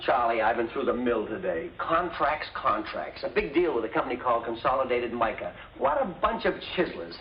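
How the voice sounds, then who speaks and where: A man's voice: mid-range voice, very animated, fairly quick, few pauses, slight background noise. A blustering hot-tempered father. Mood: grumbling. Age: middle-aged. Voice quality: gruff, explosive. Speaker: father, businessman. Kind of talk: 1950s sitcom acting. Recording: dull lo-fi 1950s TV audio.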